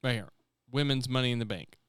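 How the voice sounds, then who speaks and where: Loose, joking man with a smooth voice. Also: mid-range voice, fast talker, no echo, studio quality. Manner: loose, joking, swears freely. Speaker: podcast co-host. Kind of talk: casual chat.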